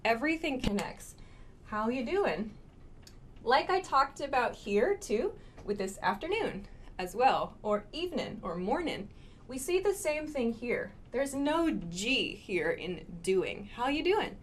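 A woman's voice: a little high, big pitch swings, unhurried, slight background noise. A woman teaching English in a cheerful live-streamed lesson, laughing often and talking to her viewers.

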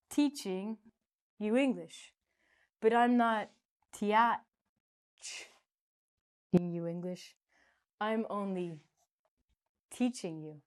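A woman teaching English pronunciation in a playful, jokey way, often breaking into loud, high, exaggerated sound demonstrations.

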